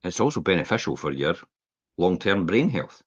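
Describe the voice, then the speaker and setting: A man coaches emphatically in a casual podcast, his low, husky voice swooping up and down as he makes each point. The recording is dry and a little dull. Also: big pitch swings, moderate pace, no room sound. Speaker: co-host.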